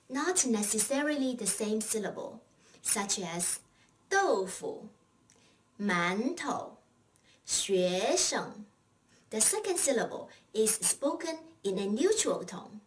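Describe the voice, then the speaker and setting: A woman's voice: a little high, distant mic, slight background noise, rough recording. A woman teaching a recorded language lesson, patiently explaining and leading repeat-after-me drills.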